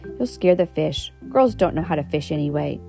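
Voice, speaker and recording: A woman's voice: deep voice, expressive, normal speed, vocal fry, warm tone, soft background music. A woman reading aloud, voicing a cross little Dutch boy who scolds his twin sister. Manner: scolding, stammering with chattering teeth.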